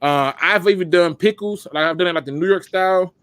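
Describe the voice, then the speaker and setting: A man hosting a casual live stream, joking and reacting loudly to the chat. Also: high-pitched, brisk, smooth, no echo. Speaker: podcast host.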